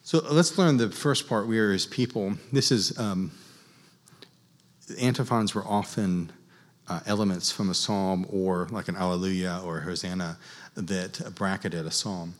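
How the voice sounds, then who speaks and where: Slow, halting man in a ringing hall. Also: low-pitched. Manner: unhurried, halting explanation with many fillers. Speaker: church music teacher. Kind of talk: class lecture leading group chant. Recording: long reverb in a large hall.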